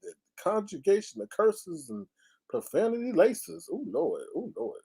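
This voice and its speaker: Husky, sassy male commentary host. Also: sits high, big pitch swings, unhurried, warm tone. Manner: sassy, exclamatory, dramatic asides. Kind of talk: casual gossip commentary.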